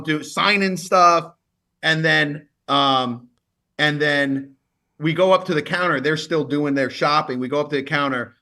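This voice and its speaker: A man, a lawyer, telling stories in a relaxed interview, chatty and full of repeated words. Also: on the high side. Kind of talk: casual interview storytelling.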